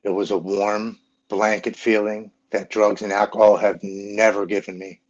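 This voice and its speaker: A man's voice: fairly low pitch, flat delivery, moderate pace. A middle-aged man telling his own story frankly and bluntly, as a guest in an interview. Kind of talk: personal storytelling in a podcast interview. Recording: dull lo-fi recording.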